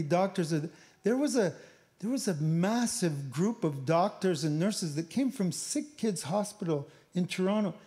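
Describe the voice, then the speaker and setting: A middle-aged man with a fairly high voice tells a personal testimony. He speaks haltingly and often repeats words as he gropes for what to say. The delivery is emotional and heartfelt. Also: darkish tone. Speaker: missionary speaker.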